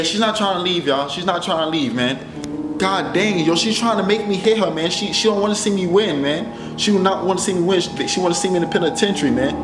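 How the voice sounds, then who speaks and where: Loud dramatic young man over music. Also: sits high. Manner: loud, dramatic, swings between pleading and yelling. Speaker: comedy vlogger. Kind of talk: comedy skit.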